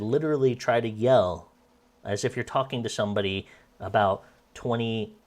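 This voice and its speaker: A man who is an amateur voice actor, talking casually and rambling as he coaches viewers from his computer at home on a desk microphone. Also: lowish voice. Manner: rambling, self-correcting, coaching tone. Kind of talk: casual explanatory vlog.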